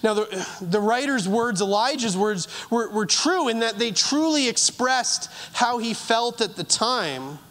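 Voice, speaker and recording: High-voiced preacher in a reverberant hall. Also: male voice, expressive. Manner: earnest, halting with repeated words, trailing off softly at phrase ends. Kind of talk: sermon.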